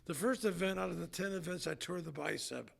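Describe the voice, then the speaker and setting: An older man and former strongman, telling an emotional story in an earnest, halting way with many restarts. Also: a little high, vocal fry, background noise. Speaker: retired strongman, guest.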